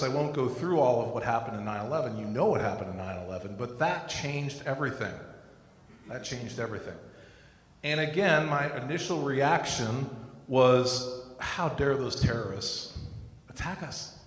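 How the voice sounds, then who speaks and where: A man's voice: mid-range voice, fairly bright tone. A middle-aged American man giving an earnest sermon, telling his own story alongside scripture. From United States. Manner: earnest, personal testimony mixed with scripture. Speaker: Christian teacher. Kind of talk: recorded sermon. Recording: echoey room with long reverb.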